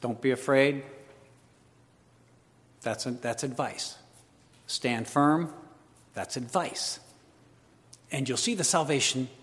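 A man preaching a sermon, animated, swinging between loud emphatic lines and hushed asides. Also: medium pitch, slow, long pauses. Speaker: pastor. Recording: long hall reverb.

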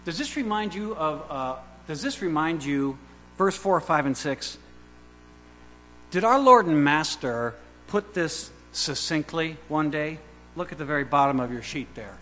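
A man preaching a sermon who fires rhetorical questions at the congregation and swings between quiet asides and loud, emphatic declarations. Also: fairly high pitch, lively intonation, measured pace, soft background music. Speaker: pastor. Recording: reverberant hall with faint mains hum.

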